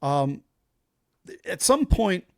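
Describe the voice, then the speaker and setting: A man's voice: high-pitched, big pitch swings, very slow, creaky, no echo, clean studio sound. A man hosting a show, giving casual opinion commentary in an emphatic, conversational way with loose fillers. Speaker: show host.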